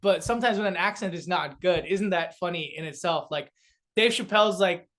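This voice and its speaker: This is casual podcast talk from a young South Korean man appearing on a comedy show. His high-pitched voice moves briskly as he laughs and spins animated stories loaded with fillers.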